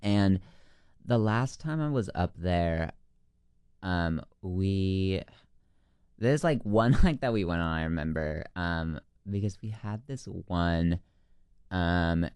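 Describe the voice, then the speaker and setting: A young man with a very deep, smooth voice tells a long story from his camp counselor days. His speech rambles and leans heavily on "like" and "um". The sound is dry and close. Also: lively intonation, takes it slowly, a little mellow, no room sound. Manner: rambling, heavy use of "like" and "um". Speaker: guest, former camp counselor. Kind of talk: casual storytelling.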